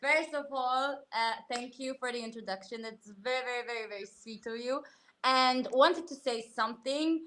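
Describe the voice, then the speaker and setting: A woman guest talking candidly and earnestly on a talk show, telling stories with animated asides. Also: fairly high pitch, normal speed, slight background noise. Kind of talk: casual talk-show conversation.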